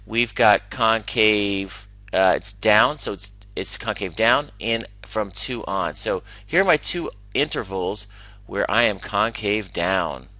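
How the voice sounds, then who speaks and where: Upbeat male math teacher, bright voice. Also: mid-range voice, no echo, rough recording. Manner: enthusiastic, talks himself through problems with asides. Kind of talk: recorded classroom lesson.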